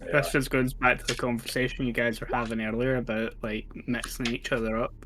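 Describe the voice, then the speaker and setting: A man acting as game master, recapping the last session in a relaxed, hesitant way with many fillers. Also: medium pitch, fairly quick, background noise.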